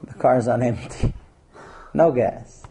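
A gravelly, medium-pitched man speaks slowly while lecturing a class. He's animated, explaining his points with examples and acting out scenes in different voices.

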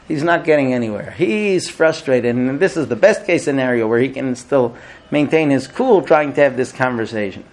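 A man teaching a class in a conversational way, telling an illustrative story with frequent hesitant pauses. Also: medium pitch, animated. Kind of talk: storytelling lecture.

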